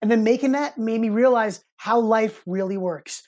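A man telling a personal story as a podcast guest, animated and expressive, slipping into other people's voices as he recounts them. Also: sits high, normal speed. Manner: animated, acts out quoted voices in his stories. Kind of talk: casual storytelling interview.

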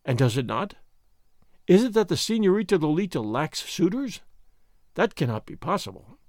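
A man voicing a dashing, gallant masked highwayman who speaks in flowery, bold phrases. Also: sing-song, moderate pace, no echo, studio quality. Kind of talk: audiobook character voice.

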